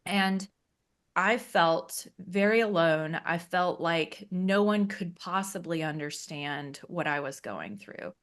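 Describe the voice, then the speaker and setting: A woman's voice: fairly low pitch, takes it slowly. A woman speaking as an interview guest, telling her own story frankly and conversationally and laughing often. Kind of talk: candid personal story.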